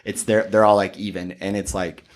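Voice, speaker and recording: A man's voice: low voice, fairly quick. A young man, a podcast guest, chatting casually and acting out customers and salesmen as he tells stories. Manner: animated storyteller, acts out customers and salesmen. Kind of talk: casual chat.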